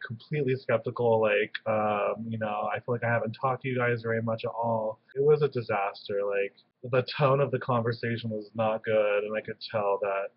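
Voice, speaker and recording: A man's voice: on the low side, no room sound. Annoyed guy venting in a confessional, muffled dry sound. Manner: frustrated, swearing. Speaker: online reality game player. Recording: dull lo-fi audio, dry.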